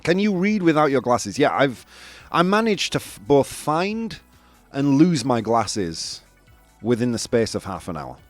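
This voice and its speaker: A man's voice: medium pitch, big pitch swings, a little slow, dry recording, faint music behind. A man hosting a live stream, chatting casually with his audience, reading their messages and poking fun at himself. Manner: chatty, self-mocking, reads out chat messages. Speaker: live-stream show host.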